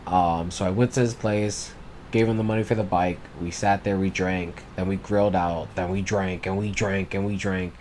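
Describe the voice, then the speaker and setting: A man's voice: deep voice, steady tone, normal speed, darkish tone, slight background noise. A man co-hosting a podcast, telling stories in loose, casual chat with heavy swearing. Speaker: podcast co-host.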